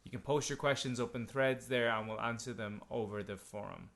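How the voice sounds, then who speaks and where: A man's voice: medium pitch, fairly even intonation, fairly quick, gravelly, fairly bright tone. A man hosting a podcast in an enthusiastic, chatty way. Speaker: podcast host. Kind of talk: casual podcast chat.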